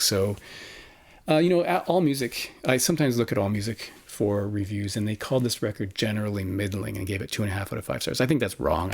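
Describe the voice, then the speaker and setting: A man's voice: on the low side, slight background noise. A man casually reviewing vinyl records he bought, frank and opinionated, with plenty of fillers and restarts. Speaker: record collector vlogger.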